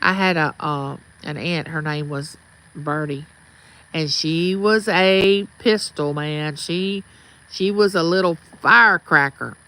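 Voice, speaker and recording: Greeting her viewers by name, a middle-aged Southern woman from Mississippi chats casually on a livestream from the outdoors at her home. She takes it slowly in a low-pitched voice with a bright, forceful tone, and the recording is low quality.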